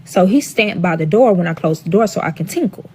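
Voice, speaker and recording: A woman's voice: fairly low pitch, lively intonation, fairly quick, warm tone, a little hiss or hum. A woman telling a personal story to her viewers in a casual storytime vlog, profane and dramatic, addressing them directly.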